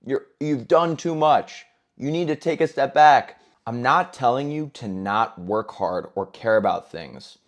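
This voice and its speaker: A man's voice: mid-range voice, a little slow. A man in his twenties speaking candidly and earnestly about his own experience in a casual, conversational monologue. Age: 20s. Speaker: self-improvement vlogger. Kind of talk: personal storytelling monologue.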